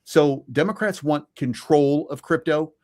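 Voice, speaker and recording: A man's voice: fairly high pitch, a little slow, a little mellow. A man co-hosting a live stream, giving his opinions in a casual political debate, with frequent restarts. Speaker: stream co-host.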